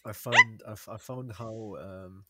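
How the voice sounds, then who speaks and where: A tabletop player who speaks in a measured, wry way. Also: mid-range voice, pushed and bright, no room sound. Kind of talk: casual tabletop play.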